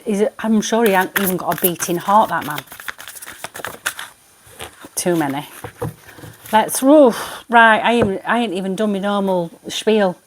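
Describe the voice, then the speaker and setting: A woman tarot reader ranting to camera in a vlog. She sounds indignant and exasperated, rambling as she goes. Her voice sits at an ordinary middle pitch. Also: slight background noise.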